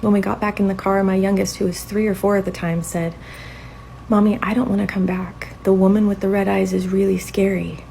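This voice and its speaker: Woman, gravelly, mellow, dramatic retelling, faint hiss. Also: medium pitch, level tone, brisk, poor audio. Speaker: mother. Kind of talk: casual storytelling.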